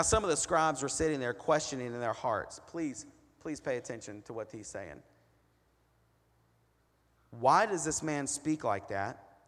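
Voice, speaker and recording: A man preaching a sermon as pastor, in a conversational way, asking the congregation lots of rhetorical questions. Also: medium pitch. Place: church hall. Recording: long hall reverb.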